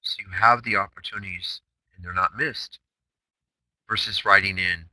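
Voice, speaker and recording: A man's voice: sits low, steady tone, normal speed, sharp tone, no room sound, poor audio. A man hosting a day-trading chatroom recap, talking brashly and emphatically with lots of rhetorical questions. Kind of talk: recorded trading session recap.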